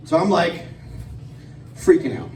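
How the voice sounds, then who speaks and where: High-voiced male comic, profane and excitable, live in an echoey pub. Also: a little slow, a little hiss or hum. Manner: profane, excitable, laughing storyteller. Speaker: stand-up comedian. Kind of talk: stand-up storytelling. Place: pub stage, live show. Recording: echoey pub room, distant mic.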